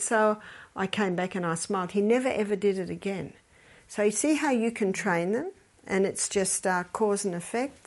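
An older woman, casually giving advice, telling stories and acting out the people in them. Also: medium pitch. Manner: storytelling, acts out quoted voices, quotes scripture.

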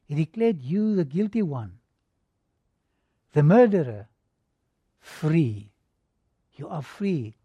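A man's voice: fairly high pitch, big pitch swings, slow, pauses often, mellow, breathy edge, no echo. A man preaching a sermon, posing rhetorical questions and telling a dramatic story to his listeners. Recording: dull lo-fi recording.

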